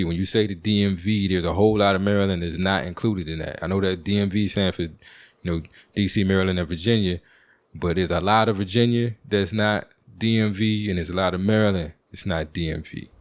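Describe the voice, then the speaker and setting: Dc guy with a deep voice rambling on his podcast, lots of slang, dry close sound. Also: dry recording. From Washington, D.C. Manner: rambling, with slang and frequent fillers. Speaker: podcast host. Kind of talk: casual storytelling monologue.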